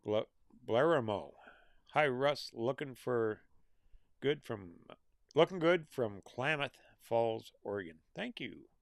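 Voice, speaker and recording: A man's voice: mid-range voice, animated, slow, no room sound, studio quality. A middle-aged American man hosting a casual livestream, reading out viewer names and comments in an easygoing, folksy way. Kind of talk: casual live chat.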